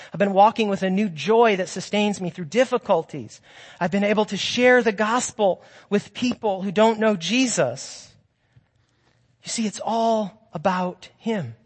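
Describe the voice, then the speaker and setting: High-voiced man preaching in an echoing church. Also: a bit bright. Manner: earnest and encouraging, addresses listeners as friends. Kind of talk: sermon with personal storytelling. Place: church sanctuary. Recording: long hall reverb of a church.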